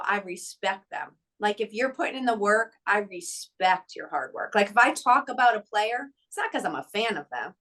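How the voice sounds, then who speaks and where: Animated woman coaching with emphatic energy. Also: mid-range voice. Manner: animated, acts out quoted dialogue. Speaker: mental skills coach. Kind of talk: podcast interview.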